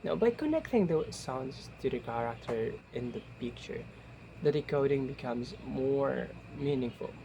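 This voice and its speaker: Young guy doing a class report, slow and halting, kinda gravelly. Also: medium pitch, expressive, noisy background. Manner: slow, halting delivery with fillers and restarts. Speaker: student presenter.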